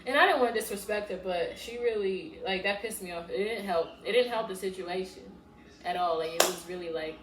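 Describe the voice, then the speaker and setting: A woman, casually telling a storytime on her channel and loudly acting out her past self in bursts. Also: brisk. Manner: animated, swings into loud high-pitched re-enactments of her past self. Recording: echoey room with faint background noise.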